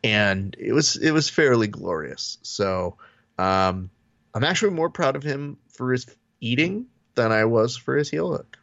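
Male podcast co-host, gravelly, animated, dull dry recording. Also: measured pace, no room sound. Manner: animated, acts out quotes with falsetto and whispers. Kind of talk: casual chat.

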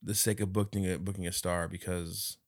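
A man co-hosting a podcast in casual chat, telling animated stories and acting out quotes. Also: sits low, a little fast, dry recording, clean studio sound. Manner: animated storyteller, acts out quotes. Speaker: podcast co-host.

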